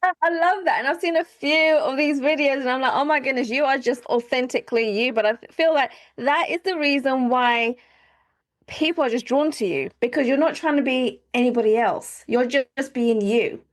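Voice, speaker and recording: Woman podcast host, high voice, keeps cheering her guest on. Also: normal speed. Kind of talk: casual interview chat.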